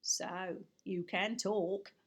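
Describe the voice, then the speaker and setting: A woman reading a picture book aloud, voicing a rough-spoken, gruff but kindly male burglar with a loud, drawling delivery. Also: mid-range voice, fairly even intonation. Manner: slow, loud, drawling dialogue with dropped grammar.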